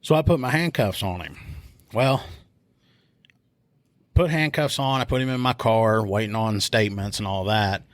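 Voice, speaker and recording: On a podcast, a police officer shares casual stories in a fairly low voice at a normal speed, pausing often, with clean, dry studio sound. He animates his retellings by voicing people's quotes loudly.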